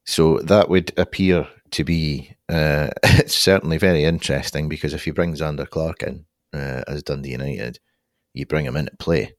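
A man's voice: a bass voice, fairly even intonation, moderate pace, no room sound, studio quality. A man on a podcast panel, talking things through thoughtfully with frequent fillers. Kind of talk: casual podcast discussion.

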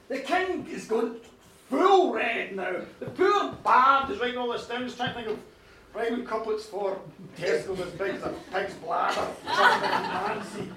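Guy doing a live comedy story, lively and bawdy, echoey hall from far off. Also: very high voice, moderate pace, a little hiss or hum. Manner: animated, laughing, bawdy. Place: live show venue. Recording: roomy live hall, distant mic, faint ambience.

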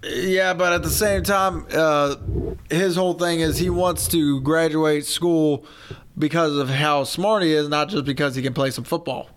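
A man co-hosting a casual movie review chat in a somewhat high voice. He drops short, dry wisecracks and corrects his partner offhandedly. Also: fairly even intonation, unhurried, a little hiss or hum. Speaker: podcast co-host.

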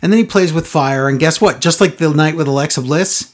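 A man's voice: a little high, brisk. A man co-hosting a casual chat, recapping a show in a sarcastic, exasperated way. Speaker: podcast co-host recapping wrestling.

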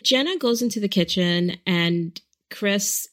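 A woman co-hosting a podcast, retelling a story in casual chat and acting out the quoted lines in quick bursts. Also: mid-range voice, animated, fairly bright tone. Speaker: podcast co-host.

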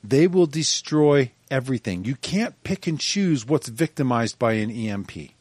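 A man co-hosting a casual podcast, talking in quick bursts with frequent restarts and sudden lively bits of mimicry. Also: medium pitch, breathy edge, no room sound. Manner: talks in bursts, restarts often, animated when mimicking others. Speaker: podcast co-host.

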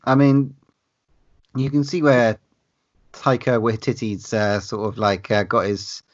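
Guy raving about a movie he loves, swears a ton, mid-pitched voice, dull lo-fi recording. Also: flat delivery, measured pace. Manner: enthusiastic, sweary, laughs between phrases. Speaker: podcast co-host. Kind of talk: casual film chat.

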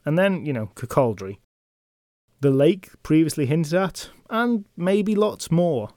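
A man's voice: a little high, expressive, measured pace, a little mellow, dry recording. A man hosting a folklore podcast, retelling legends in a chatty comic style with wry asides, on a close mic. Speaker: podcast host and storyteller.

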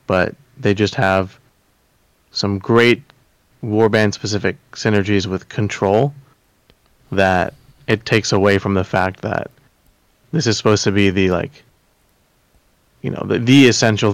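Man, podcast guest, rambling, hesitant, lowish voice, dry close sound. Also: dry recording. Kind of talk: casual chat.

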